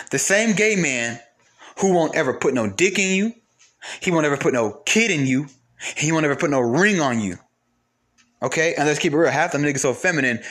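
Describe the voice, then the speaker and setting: Fiery high-voiced man ranting hard. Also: sharp tone. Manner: angry, profane, repetitive rhetorical questions. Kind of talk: heated profane rant to camera.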